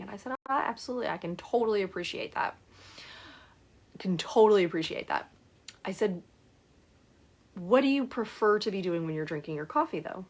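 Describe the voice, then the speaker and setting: A middle-aged woman coach telling a client story in casual talk, acting out both sides of the dialogue with lively shifts. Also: mid-range voice, moderate pace.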